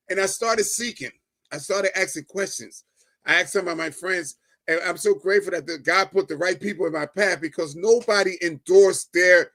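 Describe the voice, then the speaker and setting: A middle-aged man giving a personal testimony as a guest, telling it in an animated way, acting out the dialogue and often checking in with "right?". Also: high voice. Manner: animated storyteller, keeps adding "right?"; acts out quoted dialogue.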